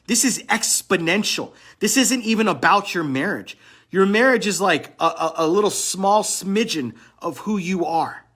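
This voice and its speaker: Male relationship coach, slightly high husky voice, blunt motivational delivery, repeats phrases for emphasis. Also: fairly bright tone. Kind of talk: motivational monologue.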